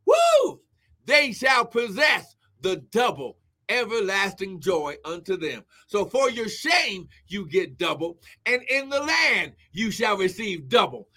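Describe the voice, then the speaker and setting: Man preacher, high bright voice, fervent, shouting praise, speaking in tongues. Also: wildly swooping pitch, takes it slowly. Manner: fervent, shouting exclamations of glory; speaks in tongues between phrases. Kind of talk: live-streamed sermon with prayer.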